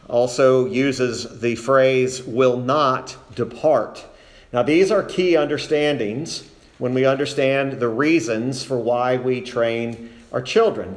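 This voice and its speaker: Slow, deliberate male preacher. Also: medium pitch. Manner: slow, deliberate, stresses key words. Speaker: pastor. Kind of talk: sermon.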